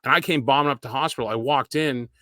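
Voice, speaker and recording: A man's voice: mid-range voice, quick pace, no echo, clean studio sound. A man, co-hosting a podcast in casual chat and telling rambling anecdotes. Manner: rambling anecdotal storyteller, relaxed. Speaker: podcast co-host.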